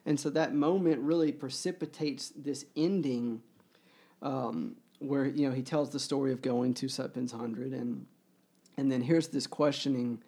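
A man in an earnest book discussion, talking in halting bursts full of fillers and restarts. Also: mid-range voice, fairly even intonation, dark tone, husky. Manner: grows emotional while reading aloud.

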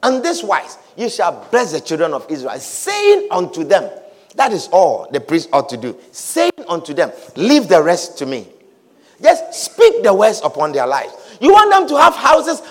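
A man pastor preaching a sermon, repeating shouted blessings and swinging between quiet speech and loud calls. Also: high-pitched, huge pitch swings, moderate pace, some chatter behind.

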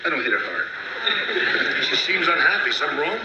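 An actor playing a blunt, brash and jealous football player in an old sitcom. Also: male voice, on the high side, big pitch swings, normal speed, dull audio. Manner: blunt, boastful. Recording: old TV soundtrack, roomy, loud hiss.

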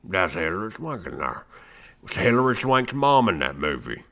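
A man voicing a gruff, opinionated character, speaking in a folksy, blustery way. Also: low voice, big pitch swings, normal speed, sharp tone, exaggerated voice. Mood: ranting. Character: gruff opinionated Southern man ranting about movies. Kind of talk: comedy bit on a podcast.

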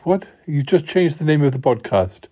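A man's voice: on the high side, animated, moderate pace, mellow, breathy edge, lo-fi sound. A man doing a teasing co-host, Cromitty. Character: scruffy, laid-back male podcast co-host, Cromitty. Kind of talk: improvised comedy banter.

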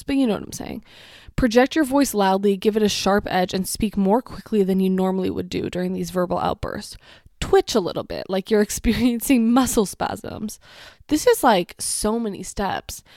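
A young woman vlogger with a medium-pitched, darkish voice reads steps aloud and reacts to them sarcastically and casually, leaning on "like" and "you know." The recording is dry with clean studio sound.

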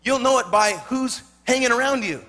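Male pastor, high bright voice, lively storytelling sermon, calls for amens. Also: moderate pace. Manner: animated storytelling, repeats words, asks congregation for amen.

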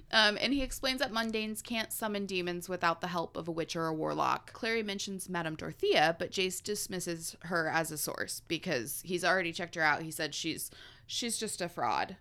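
A woman's voice: on the low side, normal speed, pushed and bright. A woman co-hosting a casual podcast, recapping a book chapter in a chatty way and laughing often. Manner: chatty, laughs often while recounting the story. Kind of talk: casual chat.

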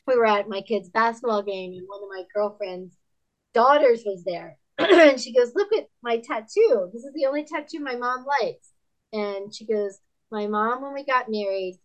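A woman in her fifties, a podcast guest and author, telling candid stories in a lively way, laughing often and acting out other people's lines in a higher voice. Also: rough recording. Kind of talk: candid conversational storytelling.

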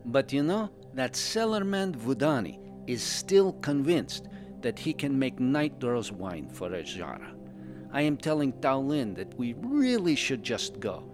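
A man's voice: mid-range voice, very animated, a little slow, over music. Man doing chatty pandaren husband in broken English. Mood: cheerful. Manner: broken English, drops articles and verb endings. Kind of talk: in-character fan podcast storytelling.

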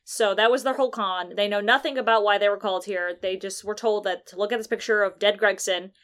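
A woman co-host chats in a relaxed, unscripted way as she recaps a story. She laughs easily and keeps the conversation light. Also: medium pitch, fast talker, clear, resonant tone. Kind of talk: casual chat about a video game.

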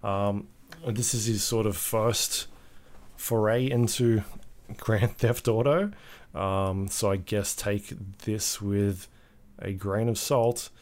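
A man co-hosting a podcast, chatting casually about game news with a relaxed, hesitant delivery and plenty of ums. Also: on the low side, slow pace. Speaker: podcast co-host. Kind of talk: casual gaming news chat.

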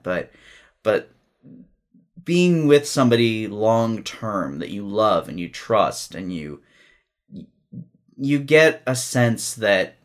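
A young man co-hosting a podcast, talking candidly and casually, swearing freely and restarting his sentences. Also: mid-range voice. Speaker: podcast co-host.

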